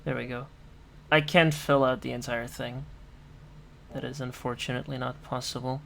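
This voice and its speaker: A man's voice: medium pitch, level tone, moderate pace, creaky, a bit bright, slight background noise. A man running a tabletop game as game master, rambling and swearing casually while he sets up the map.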